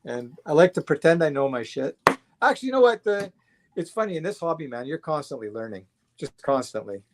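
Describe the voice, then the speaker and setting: A man's voice: fairly high pitch, very animated, fairly quick, a little hiss or hum. A man chatting as a guest on a livestream, blunt and rambling, swearing freely. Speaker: guest watch collector. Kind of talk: casual livestream chat.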